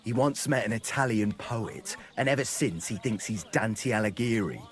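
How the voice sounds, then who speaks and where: An actor playing a crude, jolly drinking buddy in a video game, bawdy and mocking. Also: male voice, lowish voice, animated, normal speed, close to an everyday voice. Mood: rowdy.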